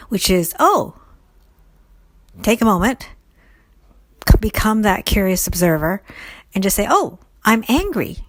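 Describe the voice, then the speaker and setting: A woman's voice: on the low side, dry recording. A middle-aged woman casually answering listener questions on recovery, thoughtful and full of fillers and restarts. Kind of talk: casual solo Q&A talk.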